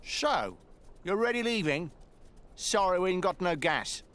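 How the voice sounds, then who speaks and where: A crude, leering thug in a video game, all sneers and mocking chuckles. His voice sits high and swoops wildly up and down as he taunts. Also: big pitch swings, measured pace, fairly bright tone, full character voice. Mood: sneering.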